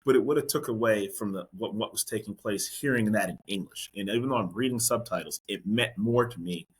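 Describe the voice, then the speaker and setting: Fast-talking husky male podcast host. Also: lowish voice. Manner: chatty, rambling, respectful, quick agreeing fillers. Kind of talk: casual podcast interview.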